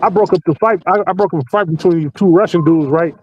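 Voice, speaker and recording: A man's voice: on the high side, fast. A man in his forties, a podcast host, telling profane stories in a casual chat and laughing as he goes, recorded inside a parked vehicle. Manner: animated, profane, laughing storyteller. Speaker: podcast host working night security patrol. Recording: muffled lo-fi with faint hiss.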